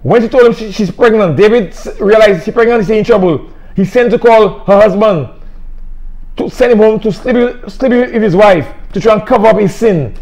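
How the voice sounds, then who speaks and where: High-voiced Saint Lucian preacher. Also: male voice, moderate pace, a little mellow. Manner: emphatic, repetitive, plain-spoken. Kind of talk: sermon.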